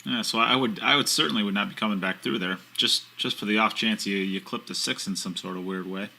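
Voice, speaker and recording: A man co-commentating on a pool match, laid-back and quick to joke. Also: on the low side, vocal fry, sharp tone. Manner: laid-back, jokey, laughs easily. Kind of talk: live sports commentary with banter.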